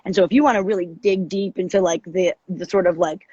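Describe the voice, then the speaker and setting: A woman with a deep, raspy voice co-hosting an astrology podcast, talking in a rambling, animated way and often interrupting herself. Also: fairly quick, no echo, dull audio. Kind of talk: casual spiritual chat. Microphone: video call.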